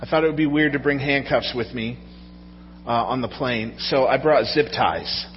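In a dull-sounding recording with long hall reverb and slight background noise, a pastor delivers a conversational sermon, often asking his congregation questions. He speaks at a normal speed in a mid-range voice.

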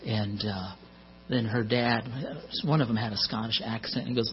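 A man's voice: lowish voice, fairly even intonation, moderate pace. A middle-aged man preaching a sermon in a conversational way, with joking asides, on a muffled recording with mains hum.

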